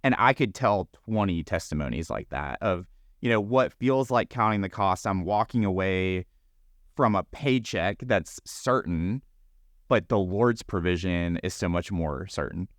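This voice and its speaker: A man's voice: low voice, measured pace, no echo, studio quality. A middle-aged man, a ministry founder, telling his faith story earnestly and reflectively in a church interview, often restarting his sentences.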